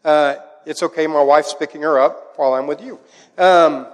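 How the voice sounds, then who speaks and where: Middle-aged male pastor, high voice, animated storyteller, big reverberant church sound. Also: moderate pace. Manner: animated storytelling, acts out a child's voice in quotes. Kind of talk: sermon with personal stories. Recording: long hall reverb.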